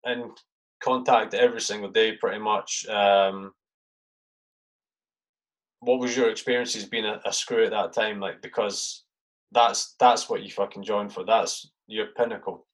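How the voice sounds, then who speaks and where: A man's voice: lowish voice, steady tone, unhurried, poor audio. A man hosting a casual interview, rambling about infantry life with lots of "like" and swearing. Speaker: podcast host, ex-soldier.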